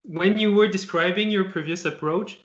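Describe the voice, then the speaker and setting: A man's voice: high-pitched, moderate pace. A man interviewing as a performance coach, asking questions hesitantly with many small restarts. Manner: soft backchannel, hesitant question phrasing. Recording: echoey, muffled room sound.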